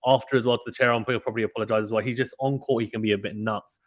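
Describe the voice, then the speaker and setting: A man doing casual live play-by-play tennis commentary, reading out chat messages in an excitable, slangy way. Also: medium pitch, very fast, no room sound. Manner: chatty, excitable, uses British slang.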